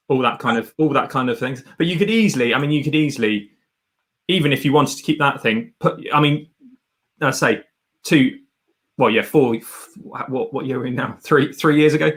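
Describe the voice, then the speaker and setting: A man's voice: medium pitch, normal speed, long pauses. A man hosting a livestream, chatting casually and laughing often as he gives advice. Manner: animated, rambling, laughs often. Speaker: host reviewing a guest's channel.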